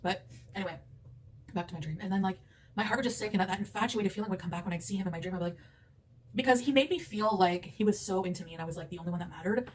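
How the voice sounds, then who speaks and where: A woman's voice: mid-range voice, racing. A woman rambling and laughing through casual chat as she eats a big meal at home. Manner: rambling, chatty, laughs often. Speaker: mukbang eater. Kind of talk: casual chat while eating. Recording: distant mic with background noise.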